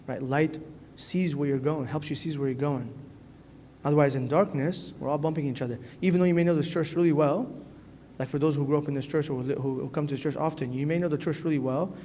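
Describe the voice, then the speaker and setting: A man's voice: medium pitch, mellow. A man who is a priest, giving an earnest, conversational sermon to young people in a church. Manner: earnest and conversational, often asks "right?". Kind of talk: sermon to a youth gathering. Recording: echoey church hall, faint noise.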